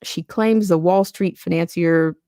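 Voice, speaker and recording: This woman hosts a podcast, reading a news article a little slowly in a warm, lowish voice and cutting in with sarcasm between quotes. Studio-quality audio, no echo.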